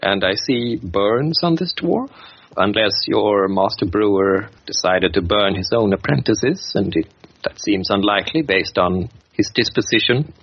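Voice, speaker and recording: A man's voice: fairly low pitch, measured pace, slightly rough, dull audio. A man voicing an odd, well-travelled male dwarf mystic who speaks formally and a little pompously. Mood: dry.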